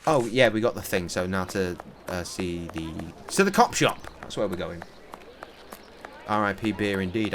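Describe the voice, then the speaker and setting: Man, young adult, sweary rambling stream commentary, low voice, lively pitch. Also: moderate pace, faint music behind. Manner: rambling, sweary, self-mocking. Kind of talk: casual gameplay commentary.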